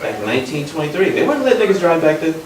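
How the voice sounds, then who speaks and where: A young man from Los Angeles doing a stand-up comedy set, loud on punchlines and dropping low for asides. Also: big pitch swings, rapid-fire, background noise. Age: young adult. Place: comedy club stage. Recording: echoey live room, mic far off, crowd laughter.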